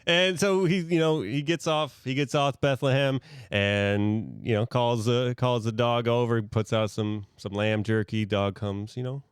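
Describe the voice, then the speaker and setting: A man's voice: mid-range voice, fairly even intonation, measured pace, few pauses, clear, resonant tone, no room sound, studio quality. A man co-hosting a podcast who spins an improvised comic story in a rambling, playful way, with plenty of fillers. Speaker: podcast co-host.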